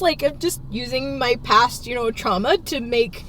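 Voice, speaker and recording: A woman's voice: sits high, sing-song, moderate pace. A bubbly woman guest telling stories in casual chat, laughing often and saying "like" a lot, recorded inside a car. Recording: loud car and road noise.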